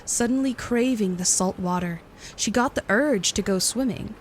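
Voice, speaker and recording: A woman reads a storybook aloud in a calm, steady voice of middle pitch. Her narration is even and unhurried, with a faint hiss of noise underneath.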